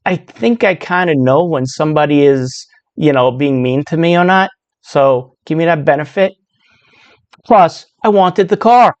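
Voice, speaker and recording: A woman in her sixties with a low voice register, telling a personal story in a loose, chatty way full of asides. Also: unhurried, darkish tone, dry recording, lo-fi sound. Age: 60s. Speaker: speaker sharing a personal story. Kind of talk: casual storytelling monologue.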